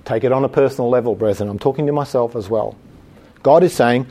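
A man preaching a sermon, reading scripture slowly with emphasis and then explaining it in plain conversational talk, with the odd chuckle. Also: mid-range voice, dark tone.

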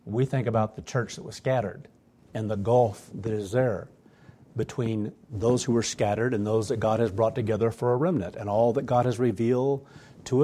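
A man's voice: mid-range voice, dark tone, slightly rough. A man preaching a sermon to his church, earnest and emphatic, often repeating phrases for weight. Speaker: pastor.

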